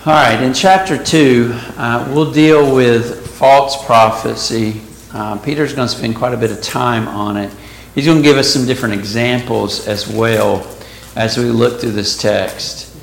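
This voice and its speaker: A man with a gravelly, creaky voice teaching a Bible study. He reads verses aloud and breaks off to explain them in a casual way. The room is echoey, with a faint hiss behind him. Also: mid-range voice, fairly even intonation, a little slow.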